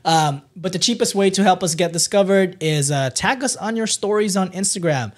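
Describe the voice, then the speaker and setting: A man's voice: high-pitched, normal speed. A man co-hosting a podcast, chatting casually and joking playfully. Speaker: podcast co-host.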